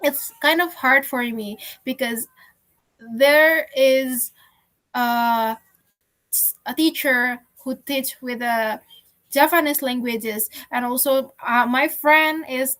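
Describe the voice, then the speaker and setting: A young woman from Indonesia telling a personal story in a class discussion, speaking haltingly with frequent restarts. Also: high voice, fairly bright tone. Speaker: student.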